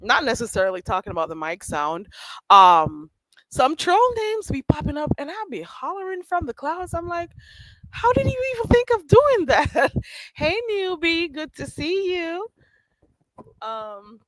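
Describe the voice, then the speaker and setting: A woman's voice: a little high, very animated, normal speed, a bit bright, dry recording, poor audio. A woman hosting a casual livestream, chatting and teasing viewers by name and laughing often. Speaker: livestream host. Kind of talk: casual chat reading live chat. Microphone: streaming mic.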